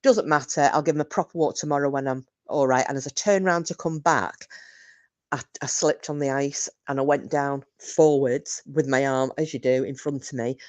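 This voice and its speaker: A woman's voice: a bass voice, fairly even intonation, normal speed, a little mellow. A woman, chatting casually with her viewers on a live stream and telling rowdy drunken stories with plenty of swearing.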